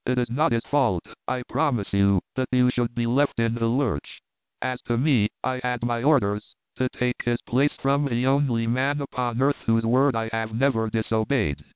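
A man voices a burly old blacksmith turned prizefighter, hearty and plain-spoken. His voice is smooth and full, but the recording is tinny and narrow like a phone line, with a dry close sound. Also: mid-range voice, normal speed, no room sound, natural voice. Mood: earnest. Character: burly good-natured older male blacksmith prizefighter.

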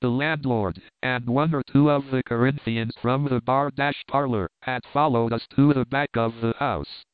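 A man narrating a period novel as an audiobook reader in a measured, even way. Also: medium pitch, smooth, dry recording. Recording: dry, narrow phone-like sound.

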